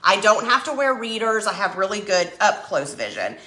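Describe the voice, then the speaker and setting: Lively, bright woman telling a story. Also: mid-range voice, normal speed, roomy sound. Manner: animated, dramatic storyteller. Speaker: craft channel host. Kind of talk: casual live-stream chat while painting.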